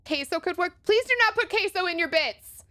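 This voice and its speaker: A woman's voice: extremely high pitch, animated, a little fast, bright, forceful tone. A young adult woman streaming a game playthrough, giggling, exclaiming and greeting viewers in chat.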